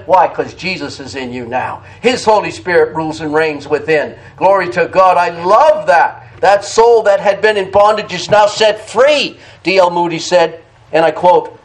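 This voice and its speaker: A high-pitched man preaches a sermon with emphasis, repeating key phrases and calling out to the congregation for an "amen." He laughs between points.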